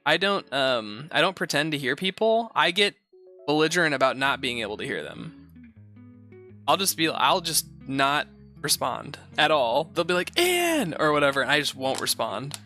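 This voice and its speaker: A man hosts a show with a slightly high, lively voice at normal speed, sounding pushed and bright over faint background music. He reads posts aloud and riffs on them in a casual, rambling way, full of profanity and sarcasm.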